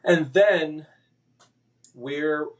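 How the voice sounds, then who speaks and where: Halting, emotional man, a little off-mic. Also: fairly high pitch, far from the mic. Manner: halting, emotional, with many restarts and fillers. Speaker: podcast guest. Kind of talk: personal story in a podcast interview.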